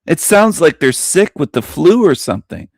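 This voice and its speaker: A man's voice: on the high side, very animated, normal speed, creaky, dry recording. Emphatic male radio host, dry sound. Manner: emphatic, repeats himself, chuckles between lines. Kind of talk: opinionated monologue.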